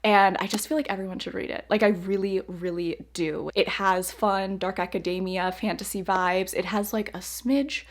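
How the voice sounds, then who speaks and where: A woman's voice: medium pitch, steady tone, moderate pace, few pauses. A young woman vlogging about books, gushing and effusive, repeating words for emphasis. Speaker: book vlogger. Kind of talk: casual reading vlog chat.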